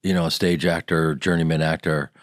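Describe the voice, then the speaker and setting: A man from the American Midwest, an actor and comedian guest on a radio interview, telling animated stories and acting out the people in them. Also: rumbling low, a little fast, dry recording, clean studio sound. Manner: animated storyteller who acts out quoted people. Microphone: studio microphone.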